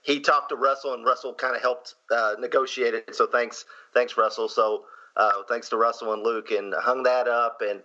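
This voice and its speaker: A father chatting on a podcast in a halting way, often restarting his sentences. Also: medium pitch, fairly even intonation, bright, forceful tone, dull audio. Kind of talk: casual podcast chat.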